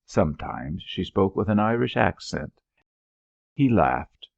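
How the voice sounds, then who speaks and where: A man narrating an audiobook in an expressive storytelling manner. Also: sits low, slow pace, creaky, dry recording, narrow, tinny audio. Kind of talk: scripted narration.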